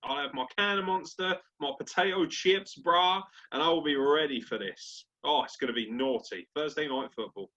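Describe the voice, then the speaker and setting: A man co-hosting a casual sports podcast, swearing freely and bantering in an animated, crude way. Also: on the high side, moderate pace, hardly any pauses. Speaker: podcast co-host. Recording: dull lo-fi podcast audio.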